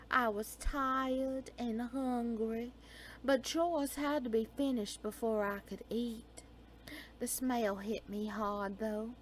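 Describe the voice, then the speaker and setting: A woman storyteller with a fairly high voice reads a dark romance tale at a very slow, unhurried pace. Her delivery is soft and dreamy, and she sometimes sinks into a whisper. A faint hiss of noise sits under her voice.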